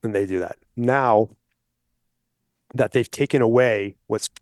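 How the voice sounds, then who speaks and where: A man speaking as a podcast guest, persuasive and explanatory, often checking in with listeners with a quick "okay?". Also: mid-range voice, a little mellow, no room sound, clean studio sound. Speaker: hunting advocate guest. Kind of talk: casual podcast conversation.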